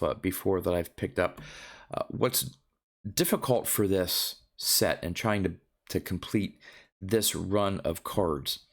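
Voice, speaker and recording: Man, low voice, loose and chatty hobby vlogger, lots of ums and false starts. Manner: rambling, many ums and restarts. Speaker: card collecting vlogger. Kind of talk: casual rambling monologue.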